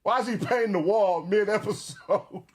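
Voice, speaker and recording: A man's voice: sits high, normal speed. A man in a clip, bantering casually and mocking someone in slangy, profane talk.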